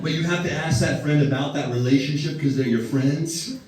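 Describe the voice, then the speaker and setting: A man's voice: fairly high pitch, fairly quick, noisy background. An American man performing a stand-up comedy set, telling stories loosely with many uhs and restarts. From United States. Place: comedy venue stage before a laughing audience. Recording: echoey venue from far off with crowd laughter.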